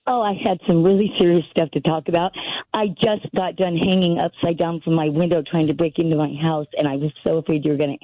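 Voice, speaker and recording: A woman's voice: fairly low pitch, fairly even intonation, fast talker, dry recording. A woman in her fifties calling a radio show. She is out of breath and rambles, often restarting her sentences. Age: 50s. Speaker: caller. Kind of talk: call-in radio chat. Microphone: phone. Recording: tinny dry phone line.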